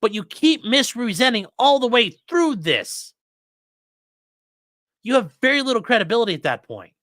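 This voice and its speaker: Male stream host, blunt and crude commentary; bright, forceful voice with a wide, lively pitch. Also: moderate pace, dry recording, clean studio sound. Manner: blunt, profane, mocking.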